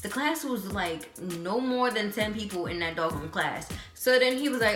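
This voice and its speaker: A young woman in her late teens, an incoming college freshman, telling stories in a casual vlog with a chatty, animated manner. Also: medium pitch, normal speed. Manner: chatty, animated, lots of fillers. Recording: roomy echo with background music.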